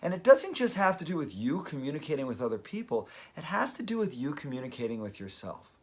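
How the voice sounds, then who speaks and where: Husky-voiced man giving earnest encouragement. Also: on the high side, very animated, fast talker. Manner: earnest, openly emotional. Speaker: host of a daily live video series. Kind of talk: motivational live-stream talk.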